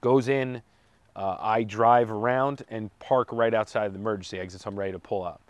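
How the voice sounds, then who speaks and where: A man with a fairly low voice tells a story in a loose, joking, chatty way, often stopping to correct himself. The sound is dry and close, with little room in it. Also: steady tone, fairly quick, no echo. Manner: rambling, self-correcting, joking, with light laughs. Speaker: podcast co-host telling his daughter's birth story. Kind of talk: casual storytelling chat.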